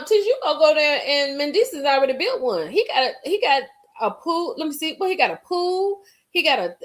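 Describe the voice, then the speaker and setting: A woman hosting a live stream, chatting casually and emphatically with her viewers, repeating lines for effect. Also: sits high. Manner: animated, talks straight to viewers reading the chat.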